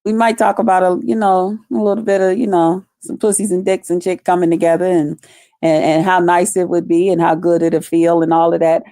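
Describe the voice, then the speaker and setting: A woman hosts a casual live stream, talking loosely with plenty of profanity and greeting viewers by name. Her voice is fairly low, warm and level, a little fast, in a dry, studio-quality recording.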